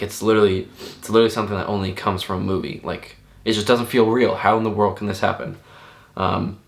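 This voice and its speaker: Deep gravelly young man, halting. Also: a bit bright. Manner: halting, many restarts and fillers; stunned, earnest. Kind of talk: personal recollection, unscripted.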